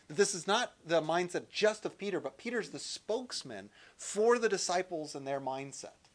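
A man teaching a Bible session in sermon style, animated and lively, acting out quotes with jokey asides. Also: sits high, normal speed.

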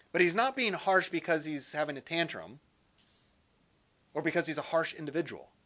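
A man teaching a Bible session in sermon style, animated and lively, acting out quotes with jokey asides. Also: fairly high pitch.

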